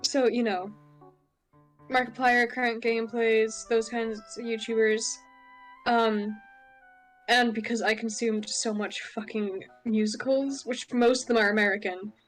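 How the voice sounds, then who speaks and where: A young adult guest on a stream, chatting casually, laughing often and getting animated when amused. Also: mid-range voice, unhurried, soft background music, rough recording. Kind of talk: casual chat.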